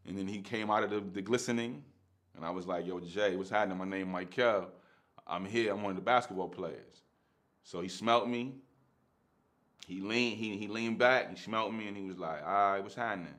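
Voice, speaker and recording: A man's voice: fairly low pitch, normal speed, fairly bright tone. A man, telling a story in casual, slangy street talk and laughing often.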